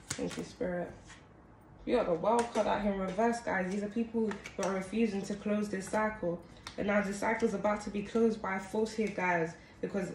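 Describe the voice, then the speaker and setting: Chatty woman reading tarot, echoey room. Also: medium pitch. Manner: chatty, keeps calling out to viewers as guys. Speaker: tarot card reader. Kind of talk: casual tarot reading to camera. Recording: echoey room with steady background noise.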